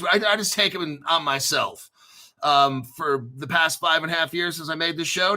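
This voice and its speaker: Bright, sharp-voiced man ranting about crypto. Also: fairly high pitch. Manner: profane, hype-driven, rambling with sudden emphasis. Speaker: crypto channel host. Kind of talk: hyped casual vlog rant.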